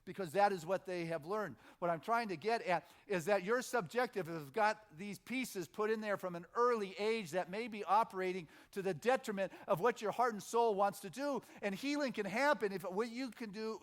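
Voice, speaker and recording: A middle-aged man delivers a sermon to his congregation, his voice sitting a little higher than most men's. He talks casually and halts often to restart a thought. Then he gathers force by repeating the same phrase several times in a row. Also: a bit bright. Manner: informal, halting restarts, builds on repeated phrases. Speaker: minister. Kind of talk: conversational sermon. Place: spiritual center sanctuary.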